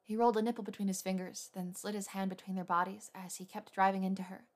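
A woman reader narrating a romance story in a steady, intimate way. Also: mid-range voice, fast talker. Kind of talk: scripted fan fiction narration.

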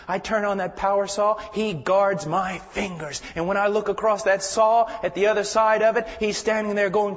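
A man preaching a sermon, swinging from hushed, whispered pleading to loud, forceful exhortation. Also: high-pitched, steady tone, normal speed, hardly any pauses. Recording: dull lo-fi sermon recording in a reverberant hall.

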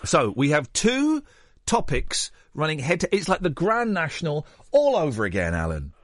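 A man's voice: a little high, wildly swooping pitch, normal speed, fairly bright tone, no echo, clean studio sound. A man hosting a radio show in a playful, rambling, teasing way. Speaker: radio host. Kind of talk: casual radio chat. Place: radio studio.

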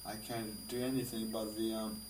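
A man's voice: fairly low pitch, level tone, moderate pace, recorded from a distance, background noise. A drunk man with a Finnish accent, rambling and swearing while livestreaming with his guitar. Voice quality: slurred, rambling, heavy swearing. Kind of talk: casual drunken stream chat. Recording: roomy, off-mic, loud guitar. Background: guitar music.

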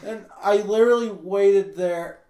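A man's voice: high voice, a little slow, mellow, echoey room, distant mic. A man telling a long story in casual chat with friends, rambling with many fillers.

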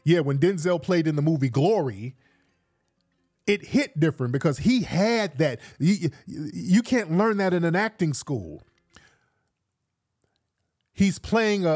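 A man's voice: a little high, animated, a little slow, darkish tone. A man hosting a podcast, giving casual commentary in streetwise slang and repeating himself for emphasis. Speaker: podcast host.

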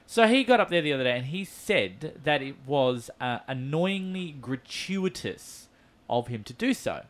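A man's voice: a little high, normal speed. Aussie guy hosting radio chat, camp and bouncy, voice all over the place. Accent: Australian. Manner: animated, camp, laughing. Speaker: radio show host.

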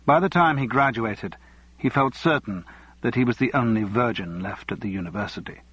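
A man narrates a novel at a measured, even pace. His voice is husky and sits at a middle pitch. The dry, close recording sounds dull. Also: no echo. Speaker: audiobook narrator. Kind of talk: scripted narration.

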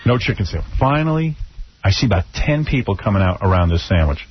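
A male radio show host telling a long, wry story in a casual, animated way, acting out what he said to people. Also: on the low side. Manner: animated, wry, drawn-out anecdote with acted-out quotes. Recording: dull lo-fi radio broadcast.

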